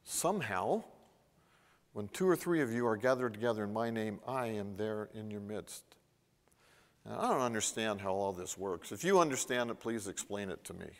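A man preaching a sermon as pastor, animated and emphatic, his intensity rising and falling, with frequent restarts and repetitions. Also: fairly low pitch, normal speed. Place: church. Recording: long reverb of a church hall.

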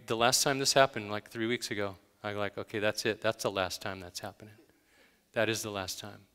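Guy preaching a chatty sermon, bright clean voice, big echoey church sound. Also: on the low side, smooth. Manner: emphatic, storytelling with dramatic gasps. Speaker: pastor. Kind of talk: conversational sermon. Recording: long hall reverb.

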